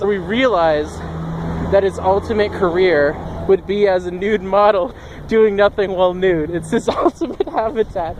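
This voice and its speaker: A man's voice: sits high, moderate pace, darkish tone, slight background noise. A young man telling a funny story in a casual vlog, rambling and laughing often.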